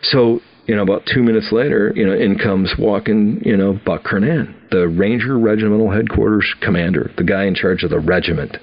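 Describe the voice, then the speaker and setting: A man's voice: lowish voice, a little fast, few pauses. A man in his sixties from Wisconsin, telling his own story on a podcast, acting out the dialogue and often restarting his sentences. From Wisconsin, USA. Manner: animated storyteller, acts out dialogue, frequent restarts. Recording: dull lo-fi audio.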